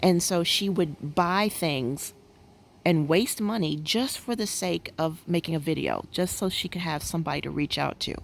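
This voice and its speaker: Woman vlogger, low gravelly voice, rambling casual chat, faint outdoor air behind her. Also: normal speed, slight background noise. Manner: rambling, musing, frequent fillers. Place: outdoors at home.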